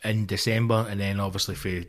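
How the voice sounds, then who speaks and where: A man in his thirties with a Glaswegian accent, a comedian swearing his way through an animated anecdote in casual podcast chat. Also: fairly low pitch, a little fast. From Scotland. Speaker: stand-up comedian guest.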